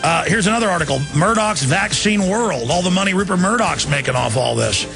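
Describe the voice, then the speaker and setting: A man's voice: high voice, expressive, fairly quick, vocal fry, music in the background. A man hosting a talk radio show, delivering an urgent, indignant monologue and pleading with his listeners.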